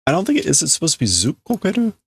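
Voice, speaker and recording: A man's voice: fairly high pitch, wildly swooping pitch, rapid-fire, vocal fry, slightly rough, no echo, studio quality. A man casually translating manga on a live stream, thinking aloud, correcting himself and chuckling as he works out meanings. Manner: musing, self-correcting, chuckling.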